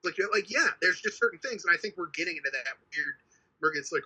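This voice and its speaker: A man with a very bright, edgy voice and a husky grain, talking fast and heatedly as a podcast co-host. He swears freely and circles back over his points, his pitch sitting a little high. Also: animated, poor audio. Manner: heated, swears often, repeats himself. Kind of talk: casual chat.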